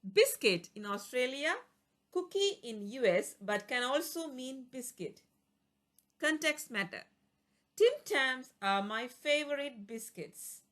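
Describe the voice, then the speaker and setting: A woman teaching vocabulary in a bright, fairly high voice that rises and falls a lot. She works through word lists one by one, giving a short explanation and an example for each. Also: animated, takes it slowly. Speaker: English teacher. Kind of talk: reading a vocabulary lesson.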